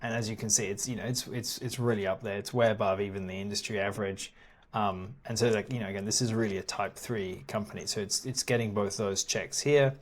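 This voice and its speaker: Casual low-voiced man explaining stocks. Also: steady tone, a little fast. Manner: casual, repeats words often, laughs now and then. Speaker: investing educator. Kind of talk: screen-share walkthrough.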